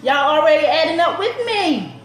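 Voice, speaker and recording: A woman's voice: high-pitched, lively intonation, normal speed, soft background music. Chatty upbeat woman trainer, echoey room. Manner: chatty, upbeat, laughs often. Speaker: personal trainer. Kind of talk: live-stream chat with viewers.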